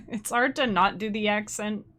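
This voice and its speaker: A woman's voice: medium pitch, measured pace, fairly bright tone, slight background noise. A young woman, hosting a livestream in casual, rambling chat and laughing often. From Canada. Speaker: livestream host.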